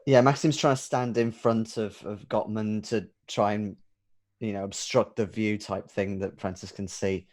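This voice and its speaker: A man's voice: lowish voice, steady tone, moderate pace, darkish tone. Earnest man at a game table. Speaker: player.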